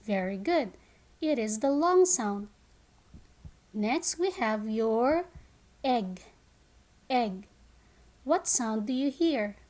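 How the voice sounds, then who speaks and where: A woman with a fairly high voice gives an online phonics lesson to young children. She speaks slowly and clearly, stretching out each vowel sound so the little ones can follow. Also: animated, a little mellow. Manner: slow, clear teacher talk with drawn-out sounds. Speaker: kindergarten teacher.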